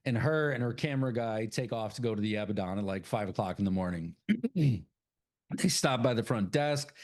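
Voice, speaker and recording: Talking a little fast at a medium pitch, a man co-hosting a horror podcast gives a loose, casual recap of a movie. The retelling is peppered with swearing and acted-out lines from the characters.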